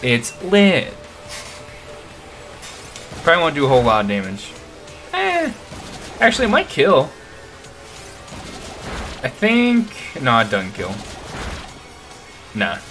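Young man, casual game commentary, swears a lot, bright tone, swinging pitch, faint music behind. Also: slow pace, pauses often. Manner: excitable, slangy, swears often. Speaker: let's play host.

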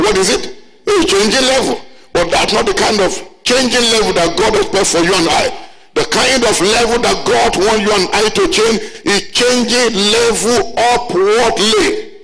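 A man preaches with a voice pitched very high for a man. He calls out for responses, drags out his key phrases, and climbs into shouted declarations. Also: rough recording. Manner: call-and-response preaching, drawn-out repeated phrases. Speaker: pastor. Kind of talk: sermon.

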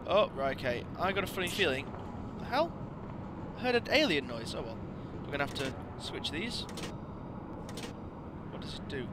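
A man giving excitable gameplay commentary as a let's play host, yelping and swearing at the game. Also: fairly high pitch, a little hiss or hum.

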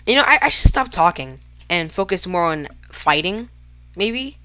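Excitable young woman gaming. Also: lowish voice, moderate pace, dry recording. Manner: excitable, shouts and squeals at big plays; casual slang, talks to self while fighting. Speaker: gaming YouTuber. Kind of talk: live gameplay commentary.

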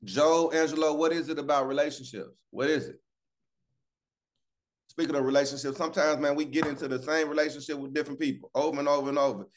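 Lively man hosting a devotional call. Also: fairly high pitch, fast. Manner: lively, preachy, calls out to listeners by name. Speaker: morning show host. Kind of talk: casual devotional chat on a video call. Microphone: video call.

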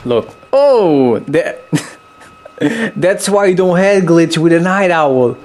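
This young man takes it slowly as he commentates on his game, though he stays excitable and loose, cursing liberally and yelping in a high pitch.

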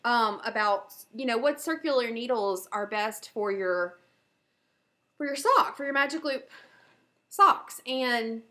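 A slightly high, animated voice with a sharp tone comes from a Southern woman speaking at a slow pace. She hosts a knitting video podcast and runs through her projects in a casual, enthusiastic show-and-tell, leaning on fillers often.

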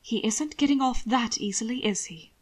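A gentle young nobleman speaks in a dry, wry way in a read-aloud story, as a woman puts him on. His words are mild and quietly amused. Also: on the high side, moderate pace, lightly acted.

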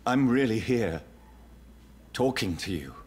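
An actor playing a grave, restrained young doctor who has become a vampire, in a video game. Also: male voice, on the low side, expressive, takes it slowly, slightly rough, exaggerated voice. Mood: solemn. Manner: solemn, restrained.

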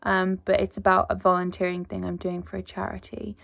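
A woman rambles through a casual diary vlog, chatty and self-deprecating as she catches viewers up. Her voice sits at a middle pitch with a noticeable gravelly fry. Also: monotone, a little fast, fairly bright tone. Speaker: vlogger.

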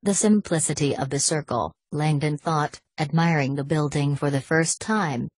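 A woman narrating an audiobook in a measured, steady reading voice. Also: sits low, husky, no echo.

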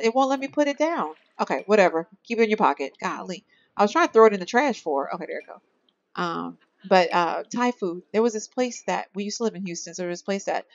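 A lively woman chats her way through a video game, talking straight to her viewers. Her voice swings widely up and down as she comments on the play. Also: mid-range voice, lo-fi sound. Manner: chatty, animated, addresses viewers as y'all. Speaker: gaming video host. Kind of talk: casual let's-play commentary.

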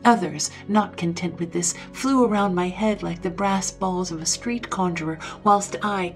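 A woman narrating a ghost story in a dramatic, scripted way, dropping to a hushed whisper at times. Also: lowish voice.

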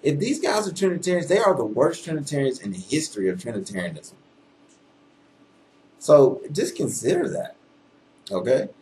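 With a somewhat high, sing-song and slightly mellow voice, this channel host speaks to camera at a moderate pace, pausing often as he presses an emphatic argument about scripture. He leans on rhetorical questions and keeps asking "okay?". The rough recording has a bit of background noise.

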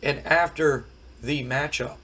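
A hoarse man casually commenting on a wrestling management game, rambling with many fillers. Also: medium pitch, fairly even intonation, slow, bright, forceful tone, poor audio. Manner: rambling, frequent fillers, recapping results. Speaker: game streamer. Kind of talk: casual let's play commentary.

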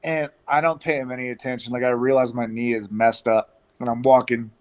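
A Canadian man, a former pro baseball player, tells stories as an interview guest over a video call. He's relaxed and chatty, with many fillers and restarts, speaking at medium pitch and a fairly quick pace.

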